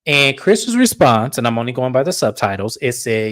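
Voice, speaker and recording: A woman's voice: extremely low pitch, very animated, normal speed. A woman recapping a reality show in casual commentary, blunt and opinionated, swearing freely.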